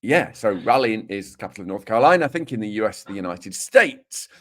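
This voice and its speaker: A man's voice: lowish voice, big pitch swings, quick pace, a bit bright. A man with a Dudley accent, co-hosting a podcast in casual chat and reading listener letters aloud with playful emphasis. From West Midlands, England. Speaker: podcast co-host.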